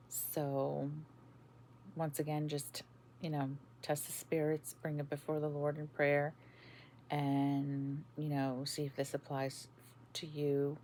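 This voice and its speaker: A woman podcast host telling about a dream in a casual, halting way, with many fillers and restarts. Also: low voice, a little mellow, slight background noise. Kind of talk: casual spoken testimony.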